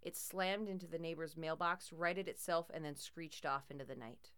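Clear-voiced woman reading a horror story. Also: low-pitched, moderate pace, fairly bright tone. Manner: dramatic, tense storytelling. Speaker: narrator.

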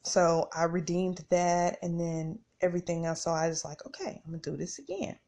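A lowish, slightly mellow voice at normal speed belongs to a middle-aged woman hosting a podcast. She chats casually with her listeners, speaking right to them while telling a story and acting out how she reacted.

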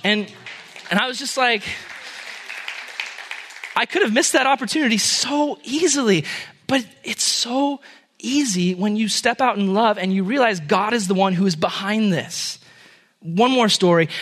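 A young man preaching through lively personal stories. His voice is high and bright and has a crisp edge. He jumps into each character's lines and keeps the telling animated. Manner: animated, acts out every quote. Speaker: pastor. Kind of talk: storytelling sermon.

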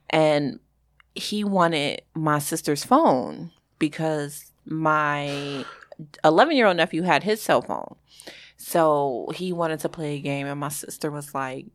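A woman with a lowish voice co-hosts a podcast and chats frankly. She jokes and tells stories freely. The recording is dry and close. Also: dry recording. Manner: frank, joking, storytelling. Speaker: podcast co-host. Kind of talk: casual chat.

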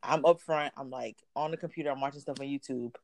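A woman's voice: rumbling low, quick pace, dry recording. A woman in her thirties telling a funny home story in casual chat, laughing and acting out what people said. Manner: animated, laughing, acts out quotes.

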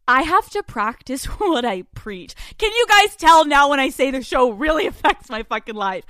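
A woman's voice: fairly high pitch, fairly bright tone, no echo, studio quality. A woman in her twenties hosting a podcast, telling a story in a casual, profane, laughing way and acting out the quotes. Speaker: podcast host.

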